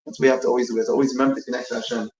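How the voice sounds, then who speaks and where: A man's voice: medium pitch, level tone, rapid-fire, darkish tone. A man giving an informal teaching talk, rambling and restarting as he searches for words. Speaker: speaker giving a short talk between prayers. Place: synagogue room. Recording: echoey room.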